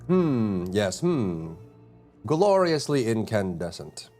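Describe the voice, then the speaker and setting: A fairly high-voiced man chats casually with his live-stream viewers, and his pitch swings up and down a lot. He rambles and hums or mutters to himself between thoughts. Faint music plays behind him. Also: big pitch swings, moderate pace. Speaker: full-time streamer.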